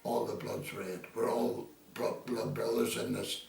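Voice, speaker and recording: A man's voice: fairly low pitch, level tone, a little slow, creaky, darkish tone. An older Irish man being interviewed, telling rambling stories full of quoted dialogue. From Ireland. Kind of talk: casual storytelling. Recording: echoey room, distant mic, faint ambience.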